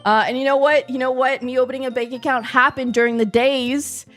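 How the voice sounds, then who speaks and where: A young woman from New Zealand talks casually to her stream audience with a slightly high-pitched voice. She tells stories in an animated, slangy way and laughs often. Soft music plays faintly in the background. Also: a little fast. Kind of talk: casual chat.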